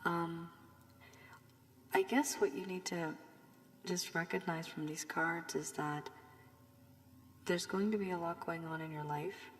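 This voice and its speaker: A woman giving a rambling tarot reading while recovering from a cold, her voice strained and husky, slipping at times to a whisper. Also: lowish voice, fairly even intonation, unhurried, pauses often, big-room sound, a little hiss or hum. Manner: loose and rambling with many fillers, warning and advising. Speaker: tarot reader. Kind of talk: casual tarot reading monologue.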